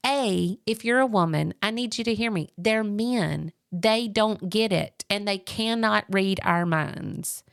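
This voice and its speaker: Lively woman podcaster. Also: unhurried, creaky, hardly any pauses, smooth, no room sound, studio quality. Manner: animated storyteller, acts out quotes in a high voice, laughs often. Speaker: podcast co-host. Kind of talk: casual marriage podcast chat.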